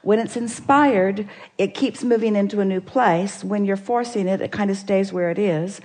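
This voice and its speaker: A woman leading a live seminar question-and-answer, speaking as a collective "we" in a measured, emphatic way. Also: medium pitch, darkish tone.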